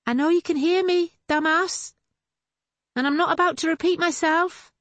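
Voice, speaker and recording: Woman voicing a defiant, sharp-tongued young woman. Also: fairly high pitch, measured pace, dry recording, pitched above the performer's own voice. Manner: swearing, defiant, sardonic.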